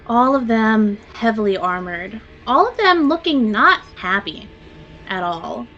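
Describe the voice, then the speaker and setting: A woman's voice: medium pitch, fairly bright tone, dull audio, slight background noise. A woman narrating as game master of a tabletop game in a casual way, swearing freely as she sets scenes.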